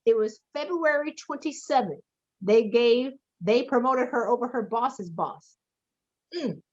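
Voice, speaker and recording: A woman career coach talking loudly and emphatically in casual chat, telling stories with slang. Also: fairly high pitch, expressive, measured pace, lo-fi sound. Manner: loud, emphatic storyteller, slips into slang.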